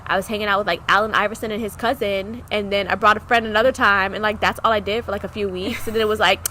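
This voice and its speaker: Bright-voiced woman telling a candid story. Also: mid-range voice, fast, slight background noise, rough recording. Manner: animated, acts out remembered dialogue. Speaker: podcast co-host.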